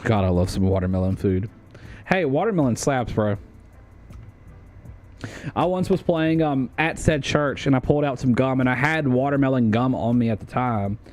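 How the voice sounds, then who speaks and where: A man's voice: mid-range voice, moderate pace, a little mellow, soft background music. A man from the United States doing livestream commentary as he ranks a tier list, rambling and swearing with plenty of fillers and restarts. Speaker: streamer.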